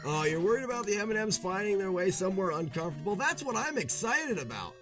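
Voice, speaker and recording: A man's voice: sits high, big pitch swings, fast, a bit bright, faint music behind. A man streaming a game and commenting casually, rambling and self-mocking, often laughing and swearing. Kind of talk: casual live gameplay commentary.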